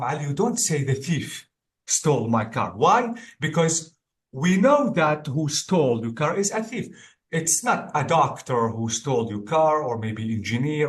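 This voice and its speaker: A male English exam tutor teaching one-on-one, explaining step by step and often checking in with "okay?". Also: medium pitch.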